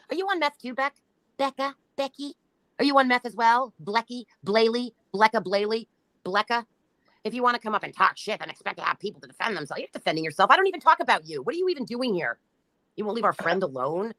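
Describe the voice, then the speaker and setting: A woman's voice: fairly high pitch, animated, fast, fairly bright tone, no echo. A woman hosting a livestream who reads out chat comments and answers them in a mocking, profane and taunting way. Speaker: livestream host.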